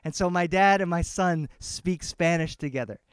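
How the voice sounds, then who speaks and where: A man telling a family story to a live audience, animated and switching between English and Spanish. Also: high-pitched, moderate pace, smooth, no echo, clean studio sound. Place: outdoor garden festival.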